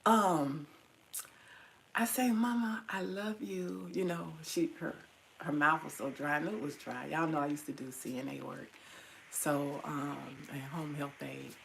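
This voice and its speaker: Low, gravelly woman reminiscing. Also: a little slow, fairly bright tone, slight background noise, poor audio. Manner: reminiscing, tender, addresses viewers as y'all. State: teary-eyed at times. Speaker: vlogger. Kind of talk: personal storytelling to viewers.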